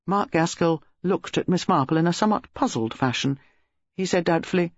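A man reading narration for an audiobook in a measured, expressive manner. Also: a little high, dry recording. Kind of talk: scripted narration. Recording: dull lo-fi recording.

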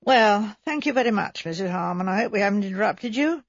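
A stout, florid middle-aged man, as a woman narrator puts him on, bluff and wheedling with a forced heartiness. Her slightly husky voice sits on a dry, dull, lo-fi recording. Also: mid-range voice, lively intonation, fairly quick, no echo. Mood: pushy.

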